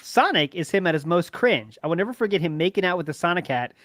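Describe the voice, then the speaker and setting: A man's voice: high voice, expressive, fast, a bit bright, dry recording. A man hosting a casual livestream podcast, reading out tips and chat messages and laughing along. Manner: reads chat tips, laughs easily, hedging. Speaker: host.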